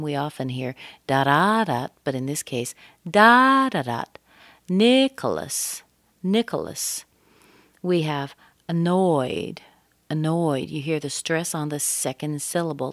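A middle-aged woman teaching English pronunciation, modeling rhythm with sung-out syllables and slowly stretched words. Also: sits low, no room sound. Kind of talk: accent lesson.

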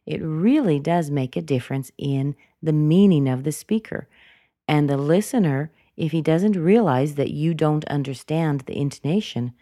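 Low-voiced, mellow woman teaching intonation. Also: no echo, studio quality. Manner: clear, deliberate modeling of intonation. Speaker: English pronunciation teacher. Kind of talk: scripted teaching narration.

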